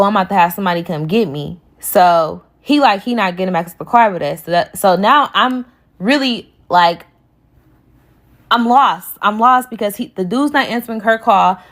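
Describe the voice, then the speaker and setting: A young woman recounting a story in a casual, heated way. She swears freely and slips into the voices of the people she quotes. Her pitch sits right in the middle for a woman. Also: fairly bright tone. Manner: heated, profane retelling that acts out quoted dialogue.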